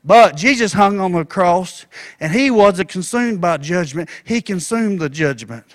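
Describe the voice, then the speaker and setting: High-voiced preacher telling a story. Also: male voice, measured pace. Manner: animated, folksy storytelling. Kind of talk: sermon.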